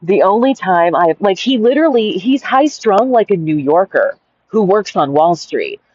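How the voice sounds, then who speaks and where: Husky and darkish in tone, this medium-pitched woman reads her own anecdote in a sing-song way at normal speed, slipping into giggly, rambling asides heavy with "like" and "right?" The recording is dull, lo-fi and made at home.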